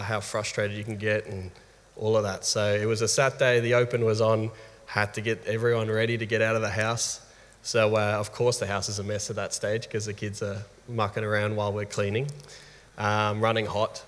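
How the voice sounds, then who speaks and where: Animated Australian man in a reverberant room. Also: on the low side. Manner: lively, animated storyteller who laughs often. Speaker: guest father. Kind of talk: candid personal storytelling.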